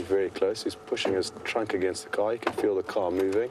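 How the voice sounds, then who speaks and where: A man giving live commentary as a safari guide from a vehicle in the bush. He sounds calm, chatty and enthusiastic. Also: low voice, brisk, few pauses, noisy background.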